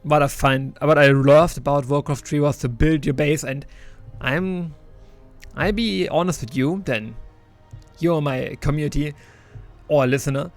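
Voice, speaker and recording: A man's voice: on the high side, a little slow, pauses often, soft background music. A man casually reviewing an old strategy game, chatty and enthusiastic with many restarts.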